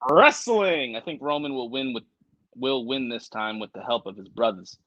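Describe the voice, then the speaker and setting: A man's voice: medium pitch, expressive, normal speed, bright, forceful tone, no room sound, lo-fi sound. A man co-hosting a casual livestream chat, swearing freely and reading viewer comments aloud. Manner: profane, rambling, reads viewer comments aloud. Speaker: co-host.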